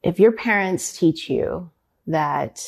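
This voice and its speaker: A woman, a ballet dancer, answering interview questions in a thoughtful, halting way, often searching for words. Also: on the low side, creaky, darkish tone. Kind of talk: interview conversation.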